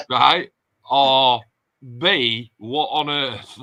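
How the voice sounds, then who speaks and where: A man's voice: on the high side, takes it slowly, bright, forceful tone, no room sound. A man hosting a casual livestream chat and reading out viewer comments. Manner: chatty, reads out viewer comments. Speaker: host.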